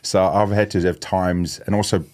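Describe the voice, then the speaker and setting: A man's voice: deep voice, flat delivery, normal speed, a little mellow. A middle-aged man from Africa, hosting a podcast in a casual conversational way, thinking aloud with fillers and restarts. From South Africa. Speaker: podcast host.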